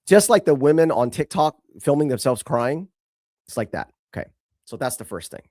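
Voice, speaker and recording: A man's voice: on the high side, expressive, moderate pace, a little mellow, dry recording, clean studio sound. A male host giving emphatic, scornful commentary on a video clip, repeating himself for stress.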